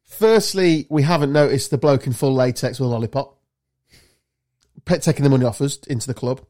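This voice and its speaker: Rambling lad spinning a yarn. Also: male voice, mid-range voice, brisk. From South Lincolnshire, England. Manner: rambling, animated anecdote-telling with sweary banter. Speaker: podcast host. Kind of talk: casual storytelling chat.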